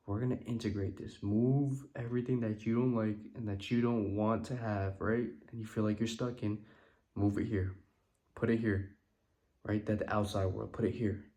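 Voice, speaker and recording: A man's voice: lowish voice, fairly even intonation, dark tone. A tired, yawning man giving a loose, rambling spiritual talk that keeps asking "right?". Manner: loose and rambling, repeats "right?", slows down for emphasis. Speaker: creator talking about manifestation. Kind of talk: casual spiritual talk to camera.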